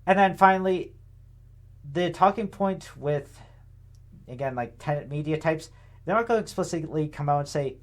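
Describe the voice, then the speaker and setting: A man's voice: fairly high pitch, normal speed, pauses often. A young man giving a casual political commentary monologue, rambling and indignant, full of fillers and tag questions. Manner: sarcastic, indignant.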